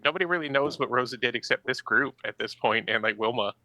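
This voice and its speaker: A man's voice: mid-range voice, fast, bright, forceful tone, no echo, rough recording. A man playing in a tabletop game, chatting casually and enthusiastically about the session. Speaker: player.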